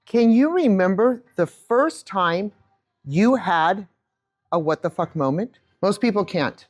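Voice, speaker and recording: A woman in her fifties giving a keynote talk on stage, telling a childhood story to a live audience with an animated manner and a handheld mic. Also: mid-range voice, slow. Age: 50s. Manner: animated storyteller, acts out quotes. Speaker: keynote speaker.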